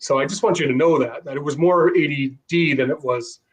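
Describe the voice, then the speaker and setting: A man's voice: on the high side, a little fast, crowd noise, rough recording. A man co-hosting a casual podcast, telling rambling self-deprecating stories. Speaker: co-host.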